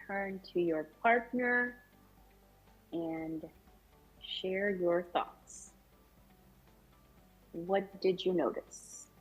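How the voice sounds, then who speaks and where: A woman's voice: lowish voice, husky, poor audio. A woman presenting at a conference, explaining her teaching strategies step by step to other teachers.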